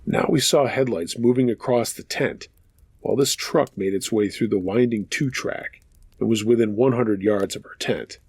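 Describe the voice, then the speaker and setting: Gravelly, husky male horror storyteller. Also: fairly low pitch, a little mellow, no echo. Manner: casual profane storytelling. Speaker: host reading listener stories. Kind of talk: narrating true scary stories.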